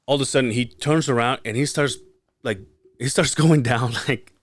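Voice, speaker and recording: A man's voice: mid-range voice, normal speed. A man co-hosting a podcast, telling a story in casual chat, swearing and acting out what people said. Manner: profane, animated storytelling with acted-out quotes. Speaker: podcast co-host.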